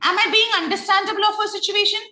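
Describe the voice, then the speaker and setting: A woman's voice: extremely high pitch, fairly even intonation, quick pace, bright, forceful tone, roomy sound, poor audio. A woman with a Malayali English accent, a trainer running an online reading class, who asks students many questions and often restarts her sentences.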